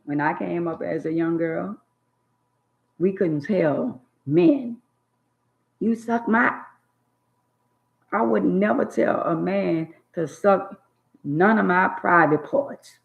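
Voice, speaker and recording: Slow, blunt woman with a drawl. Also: on the low side, vocal fry. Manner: blunt, preachy, scolding; drawn-out emphatic words. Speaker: channel host. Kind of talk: opinionated monologue. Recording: dull lo-fi phone audio.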